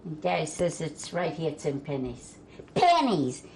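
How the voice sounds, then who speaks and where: An older woman from Vermont telling family stories in a folksy way, laughing as she goes and dropping her voice low for the men she quotes. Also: normal speed, gravelly, a little mellow. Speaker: storyteller guest. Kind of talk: family storytelling. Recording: faint background noise.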